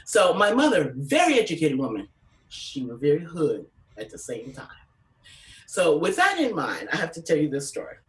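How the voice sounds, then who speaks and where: A woman comedian doing an animated stand-up storytelling set, salty and quick to act out other people's voices. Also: low voice, far from the mic, rough recording. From San Francisco Bay Area.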